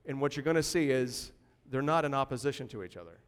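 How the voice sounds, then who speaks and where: A man pastor delivering a sermon in a lively, conversational way, punctuated by sudden emphatic bursts. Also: mid-range voice, fast talker, clean tone, big-room sound.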